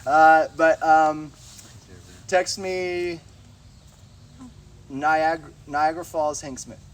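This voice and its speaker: A man speaking to a group outdoors, telling self-deprecating stories in an animated way. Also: a little high, slow pace, a little hiss or hum. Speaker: devotional speaker and host. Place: outdoors in a grove.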